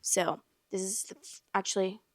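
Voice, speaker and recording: A woman's voice: mid-range voice, steady tone, moderate pace, no echo, clean studio sound. A young woman from Iowa, hosting and casually reading online stories aloud with blunt, chatty reactions. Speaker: host.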